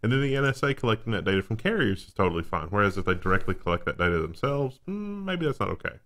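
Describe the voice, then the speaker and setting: Guy with a lowish voice doing dry jokey tech news chat. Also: big pitch swings, fast talker, a bit bright. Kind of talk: casual news banter.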